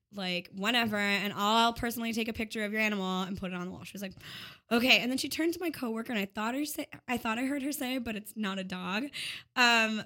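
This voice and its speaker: A woman telling a story in casual chat, animated and laughing often, acting out what people said. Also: a little high. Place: Montreal.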